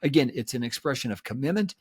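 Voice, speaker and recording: A man's voice: mid-range voice, expressive, fast talker, a little mellow, husky. A man talking as a guest expert in an interview, earnest and explanatory, often repeating words as he starts a thought. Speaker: guest expert on betrayal recovery.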